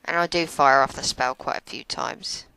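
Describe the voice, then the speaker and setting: A woman's voice: rumbling low, normal speed, bright, forceful tone, clean tone, rough recording. A young woman giving chatty, sarcastic gameplay commentary and laughing often. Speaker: let's play commentator.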